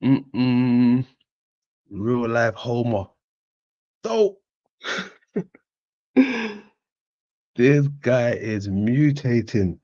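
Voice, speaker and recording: A man giving casual reaction commentary in profane, laughing, slow, drawling remarks. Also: mid-range voice, very animated, mellow, no echo, lo-fi sound.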